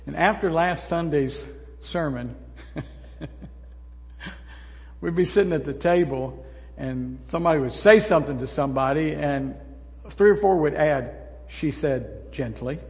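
An older man delivers a folksy sermon from the pulpit, his voice sitting a little high for a man. He talks to the congregation as if chatting and keeps asking them questions. The sound is slightly muffled and rings with a long church reverb. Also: unhurried, gravelly, pauses often. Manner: folksy, conversational preaching with rhetorical questions. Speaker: pastor. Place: church sanctuary.

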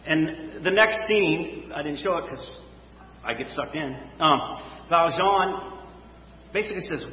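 A man's voice: a little high, expressive, measured pace. A male pastor preaching a sermon, reading scripture and then talking loosely to his congregation. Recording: echoey hall, dull sound, faint noise.

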